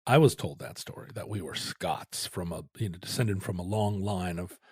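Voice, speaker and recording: A middle-aged man co-hosts a podcast, rambling through a family story and cutting himself off as he goes in casual chat. His voice is deep, a little mellow and slightly rough, at a moderate pace. The studio-quality recording has no room sound.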